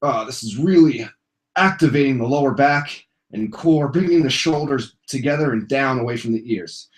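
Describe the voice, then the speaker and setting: Indoors on a floor, a young yoga instructor leads a viewer through a short, casual routine at a moderate pace. His middle-pitched voice stays relaxed, loose and playful, with goofy, silly asides dropped between breathing cues.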